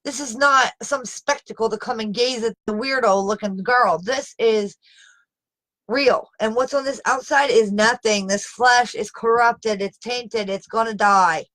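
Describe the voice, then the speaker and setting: A woman's voice: on the high side, a little slow, a bit bright, poor audio. Frustrated woman pleading on a live video. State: upset and exasperated. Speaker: live streamer. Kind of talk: unscripted live video talk.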